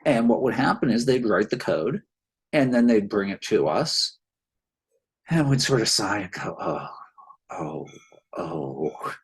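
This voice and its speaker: A man's voice: medium pitch, lively intonation, normal speed, husky, low-quality recording. A man being interviewed on a podcast as a security expert, explaining his points thoughtfully with wry asides.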